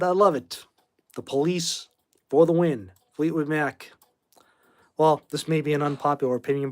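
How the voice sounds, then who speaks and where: A man in his forties from Boston, hosting a casual livestream chat and answering viewer questions in a rambling, offhand way with blunt opinions. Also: a little high. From Boston, Massachusetts. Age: 40s. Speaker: host.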